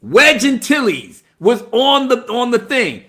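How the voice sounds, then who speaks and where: A man giving a casual, profane movie review, mocking scenes with animated retelling and mimicry. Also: extremely high pitch, takes it slowly.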